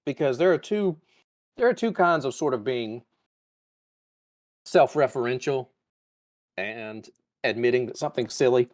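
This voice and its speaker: A man's voice: mid-range voice, measured pace, pauses often, a little mellow. A man co-hosting a podcast, chatting casually and profanely, often slipping into mocking voices. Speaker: podcast co-host. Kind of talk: casual chat.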